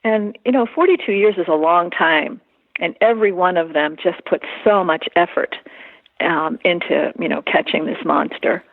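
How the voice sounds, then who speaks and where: A woman being interviewed, recalling personal events in a halting, earnest way with many fillers. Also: fairly low pitch, gravelly, dry recording. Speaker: interview guest. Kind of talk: emotional personal recollection. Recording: tinny phone line.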